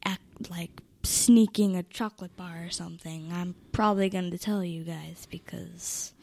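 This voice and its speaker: A teenage girl talking casually about her younger siblings, giggling and often dropping into a soft near-whisper. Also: lowish voice, fairly even intonation, measured pace, vocal fry, no room sound. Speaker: interviewee, older sibling. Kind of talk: casual family interview.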